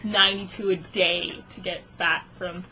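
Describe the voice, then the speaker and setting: A woman's voice: fairly low pitch, flat delivery, unhurried, sharp tone. Rambling woman narrating a toy story. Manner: rambling, giggly, trailing asides. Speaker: storyteller with toys. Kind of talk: casual toy-play storytelling. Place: home. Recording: home video with noisy hiss.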